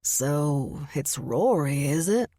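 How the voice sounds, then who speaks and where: A woman voicing a charming, flirty southern gentleman with a deep voice and a slow, teasing drawl. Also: expressive, dry recording, studio quality, exaggerated voice. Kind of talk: audiobook narration.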